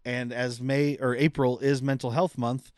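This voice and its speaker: A man's voice: medium pitch, level tone, moderate pace, a little mellow, clean tone, no room sound, clean studio sound. A man co-hosting a podcast, chatting casually and rambling through the upcoming schedule with many restarts. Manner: rambling, self-correcting, announces schedule. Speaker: podcast co-host.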